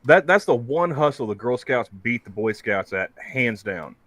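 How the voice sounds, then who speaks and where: A man's voice: mid-range voice, lively intonation, moderate pace, fairly bright tone, no echo. A man in casual podcast banter, joking and profane, often restarting his words.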